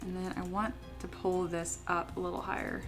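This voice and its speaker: A woman's voice: lowish voice, level tone, moderate pace, over music. A young woman from California chatting casually while she works on a livestream, rambling and laughing often. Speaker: 3D sculptor streaming her work.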